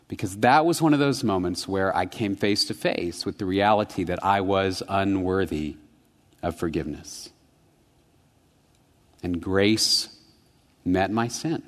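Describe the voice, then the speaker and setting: A man preaching a sermon, telling a childhood story, swinging from hushed, slow reflection to quick, animated retelling. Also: low-pitched. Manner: storytelling, rising to animated intensity then dropping soft. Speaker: pastor. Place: church sanctuary. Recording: long church reverb.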